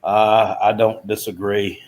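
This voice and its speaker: A man's voice: on the low side, flat delivery, takes it slowly, darkish tone. Easygoing rambling man. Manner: rambling, easygoing, many fillers. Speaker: co-host. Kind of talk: casual sports chat.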